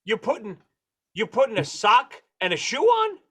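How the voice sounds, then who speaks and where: A man co-hosting a casual comedy podcast in an animated manner, leading the list and calling on the others. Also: extremely high pitch, moderate pace, husky. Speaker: podcast co-host.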